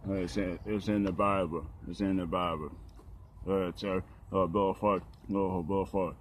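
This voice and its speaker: Halting deep-voiced man, flat delivery. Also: slight background noise. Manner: hesitant, many fillers and restarts. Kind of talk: halting talk about the Bible.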